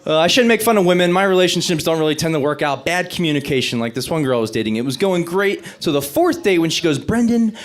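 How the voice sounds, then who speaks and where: A young man doing a stand-up comedy set on stage, delivering dry punchlines between lively bits. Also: a little high, fast, few pauses.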